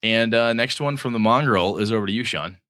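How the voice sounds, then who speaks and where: Male podcast co-host, lower-pitched, animated and teasing, dry close sound. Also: a little fast, dry recording. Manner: joking, laughs often. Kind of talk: casual chat.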